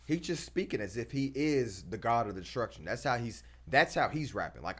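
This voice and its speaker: A man's voice: mid-range voice, normal speed, breathy edge. A man hosting a reaction video, talking casually in slang and pressing his points with emphasis. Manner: animated, emphatic, slangy, laughs between points.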